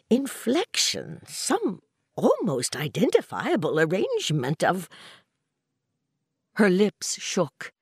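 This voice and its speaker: A woman narrating a horror story as an audiobook, reading in an expressive, suspenseful way. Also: on the low side, no echo, clean studio sound.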